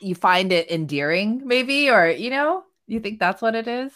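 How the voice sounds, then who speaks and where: A woman co-hosting a casual chat, thoughtful and pausing to find her words. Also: medium pitch, animated, a bit bright.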